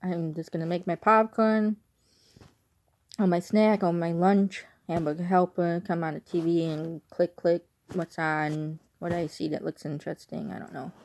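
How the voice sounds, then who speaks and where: A woman's voice: lowish voice, steady tone, moderate pace, darkish tone. A woman from Chicago with a speech impairment, chatting casually in a rambling, unsure way on her vlog. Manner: rambling, digressive, often unsure. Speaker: vlogger.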